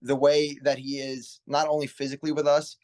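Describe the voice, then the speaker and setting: A man's voice: medium pitch, level tone, fairly quick, darkish tone. Earnest, rambling young man. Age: 20s. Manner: earnest, rambling, self-correcting. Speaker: guest, pro wrestler. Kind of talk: casual interview storytelling.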